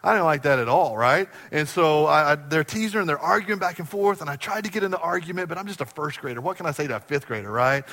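A man preaching from the church stage, his voice bright and a touch high for a man. He tells his stories with energy, jumping to loud, excited bursts and then dropping to quiet, earnest asides. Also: fast, few pauses, in a large hall. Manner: animated storytelling, swinging between loud bursts and quiet asides. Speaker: pastor. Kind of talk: sermon. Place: church sanctuary.

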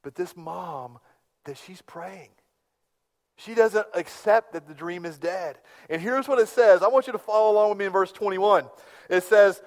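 A middle-aged man preaching a sermon as a pastor, telling stories with big swings from hushed to loud. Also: high-pitched, moderate pace. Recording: long hall reverb.

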